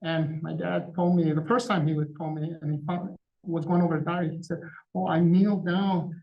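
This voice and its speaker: A man's voice: fairly high pitch, fairly even intonation, fairly quick, vocal fry. Middle-aged guy giving a talk, chatty storyteller, kinda far from the mic, muffled sound. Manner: conversational storytelling, acting out quoted dialogue with his father. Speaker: guest speaker. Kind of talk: public talk to an audience. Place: event hall. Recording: dull sound, speaker somewhat off mic.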